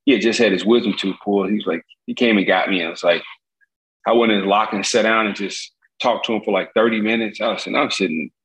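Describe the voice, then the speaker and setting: A man from Gary, Indiana in his fifties, a former baseball pitcher telling stories as a guest and acting out the voices of the people he quotes. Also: fast talker, rough recording. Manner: animated, acts out quoted voices. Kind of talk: casual storytelling.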